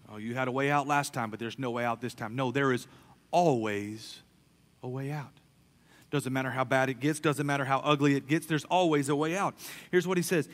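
A man preaching a sermon as a pastor, emphatic, swinging between soft, quiet stretches and loud, pressing lines. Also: fairly high pitch. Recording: long hall reverb.

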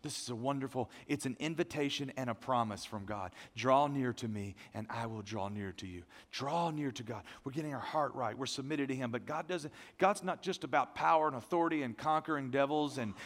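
Pastor preaching in a reverberant hall. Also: male voice, medium pitch. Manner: dynamic preaching, swinging from loud to hushed. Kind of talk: sermon. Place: church sanctuary.

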